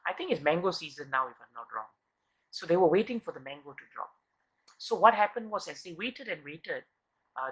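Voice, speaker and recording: A man leading a devotional scripture class in an earnest teaching tone. He keeps asking his listeners rhetorical questions and repeats words to drive his point home. When he tells a story, his pace slows and quickens, and his phrases often trail off. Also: high voice, fairly bright tone, poor audio.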